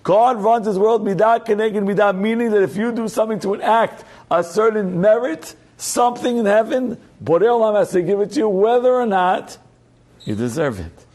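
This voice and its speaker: A middle-aged rabbi teaches a Torah class through a personal story, animated and at normal speed. His voice is a little high for a man, swinging between loud, emphatic high points and quiet, low asides.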